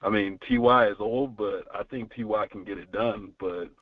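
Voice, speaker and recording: A man's voice: on the low side, normal speed, no room sound, far from the mic. Frustrated male caller on a phone line. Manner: stumbling, repeats words, frustrated. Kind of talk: call-in sports talk. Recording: tinny, breaking-up phone line.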